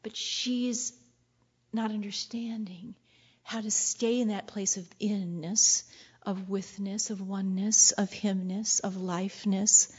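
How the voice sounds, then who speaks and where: A woman preacher giving a sermon in a playful, animated way. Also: medium pitch, slow pace, husky, dull audio. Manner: playful and animated, often laughing and acting out quoted lines.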